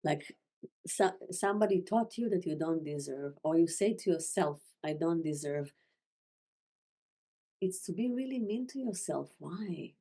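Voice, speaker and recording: Soft-spoken woman with a warm, low voice. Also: animated, slightly rough. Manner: gentle, halting, repeats and restarts words; non-native phrasing. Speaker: spiritual teacher. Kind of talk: masterclass talk.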